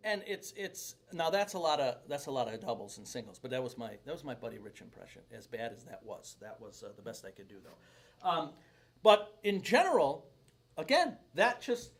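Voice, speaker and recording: A man's voice: mid-range voice, big pitch swings, moderate pace. A man teaching drums in a casual video lesson, rambling and joking at his own expense. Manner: rambling, joking, self-deprecating. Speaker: drum teacher. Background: loud drum kit playing.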